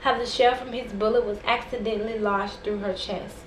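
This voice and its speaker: Faint background noise and room echo surround a woman poet whose mid-range voice holds a steady tone at a brisk pace. Her spoken word performance is dramatic and rhythmic, building up to impassioned intensity.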